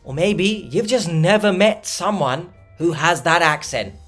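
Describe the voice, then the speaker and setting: A man's voice: on the high side, a little slow, soft background music. A man hosting a reaction video, delivering sarcastic, exasperated commentary. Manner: mocking, exasperated, animated.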